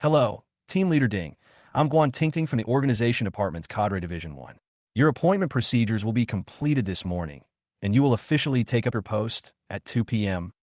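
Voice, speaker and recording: A man voicing a polite, gentle young female officer speaking on the phone. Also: fairly low pitch, lively intonation, fairly quick, no echo, clean studio sound, natural voice. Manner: polite, respectful. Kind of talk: recap narration with quoted lines.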